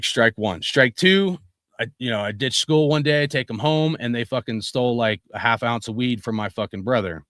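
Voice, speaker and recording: A young man at an average pitch tells a story from his own life in loose, casual talk. He swears constantly and fills his sentences with "dude" and "like." The recording is close and dry, with no room sound. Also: fairly bright tone, no room sound. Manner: profane, rambling, says "dude" and "like" a lot.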